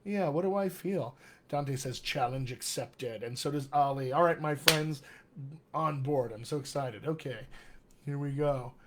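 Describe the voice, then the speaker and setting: A man's voice: fairly high pitch, measured pace, fairly bright tone, slight background noise. A man teaching tongue exercises as a dialect coach in a live-streamed lesson, upbeat and encouraging. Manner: upbeat, encouraging, reads out viewer comments.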